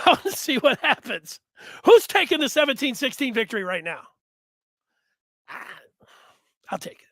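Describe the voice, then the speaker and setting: Give me an animated male sports talk host with a very high voice, recorded dry and close. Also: no room sound. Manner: animated, acts out fans and announcers.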